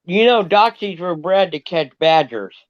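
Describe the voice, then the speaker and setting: A man's voice: high voice, animated, measured pace. A man telling stories about his pets in a casual live chat. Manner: chatty storyteller. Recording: dull lo-fi audio.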